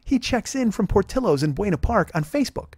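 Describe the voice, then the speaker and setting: A man's voice: high-pitched, lively intonation, brisk, a little mellow, slight background noise. A man in his forties hosting a podcast, telling rambling, profane comic stories with lots of restarts. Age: 40s. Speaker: podcast host. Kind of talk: casual comedic storytelling.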